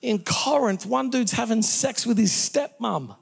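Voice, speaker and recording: A middle-aged man from Australia with an Australian accent, a pastor answering interview questions in an animated, preacherly way, often restarting sentences and laughing at his own jokes. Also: very high-pitched, a little slow, vocal fry, slightly rough. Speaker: pastor, guest.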